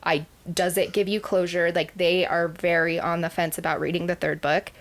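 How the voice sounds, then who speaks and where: A woman's voice: lowish voice, little pitch movement, normal speed, a little hiss or hum. A woman in her thirties co-hosting a book podcast in casual chat, blunt and swearing freely, telling stories with drama. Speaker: podcast co-host.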